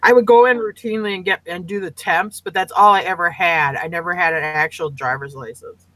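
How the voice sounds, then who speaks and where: Bright, animated woman in casual chat. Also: on the low side, a little fast, dry recording, poor audio. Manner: animated, acts out quotes.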